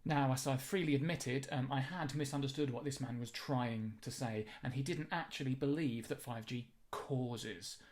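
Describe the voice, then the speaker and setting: A young man narrating a comedy apology in a dry, mock-apologetic deadpan. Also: medium pitch, moderate pace, few pauses.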